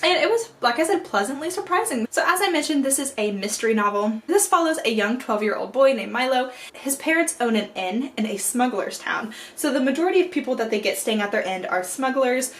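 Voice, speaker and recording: A young woman in college reviewing books in a casual, rambling vlog, animated and full of playful asides. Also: high voice, fairly quick. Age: young adult. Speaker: book vlogger. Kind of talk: casual chatty book review.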